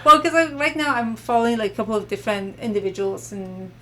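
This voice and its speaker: A woman's voice: a little high, steady tone, fast talker, a crowd in the background, low-quality recording. A woman guest on a podcast telling about her experiences in a casual, chatty way, often saying "like". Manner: chatty, fills speech with "like". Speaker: podcast guest, meditation practitioner. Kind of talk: casual interview chat.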